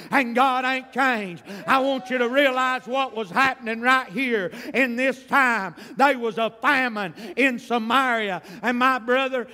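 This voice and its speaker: A man's voice: very high-pitched, pushed and bright. A man preaching a folksy, emphatic revival sermon in a church, drawing out his phrases. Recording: hall reverb.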